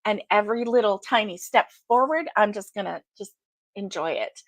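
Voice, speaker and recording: A woman's voice: medium pitch, normal speed, dry recording. A woman hosting a casual live chat, greeting viewers by name and laughing often. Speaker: livestream host.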